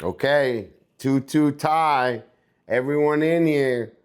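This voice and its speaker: A man's voice: medium pitch, slow pace, clean tone. A young American man hosting a casual livestream, laid-back and rambling, breaking into hyped, sing-song bits. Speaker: livestream host.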